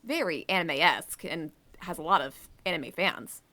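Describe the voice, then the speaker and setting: A woman's voice: lowish voice, animated, normal speed, pushed and bright. A woman co-hosting a podcast, chatting casually and laughing easily. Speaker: podcast co-host. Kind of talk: casual chat.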